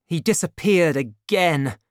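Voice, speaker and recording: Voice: mid-range voice, expressive, slow, clear, resonant tone, no room sound, studio quality, pitched above the performer's own voice. A reader voicing a brave young male swordsman in a storybook, with a raised, eager, heroic delivery. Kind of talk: storybook reading.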